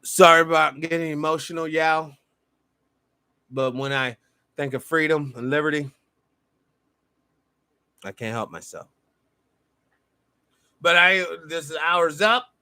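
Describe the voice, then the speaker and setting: A man's voice: a little high, sharp tone, dry recording. A man hosting a live podcast, giving a fervent, preacher-like address to his listeners. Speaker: podcast host. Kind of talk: impassioned live-show monologue.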